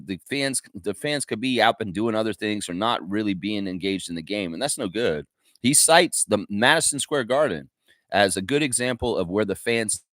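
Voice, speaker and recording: A man's voice: on the low side, a bit bright, no room sound. A man hosting a daily basketball fan show, talking in a rambling, opinionated way with many fillers and restarts. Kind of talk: casual livestream commentary.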